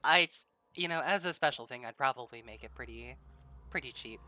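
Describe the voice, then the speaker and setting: A woman's voice: rumbling low, brisk, sharp tone, slight background noise. A woman hosting a tabletop game stream as dungeon master, bubbly and giggly, chatting casually with her players.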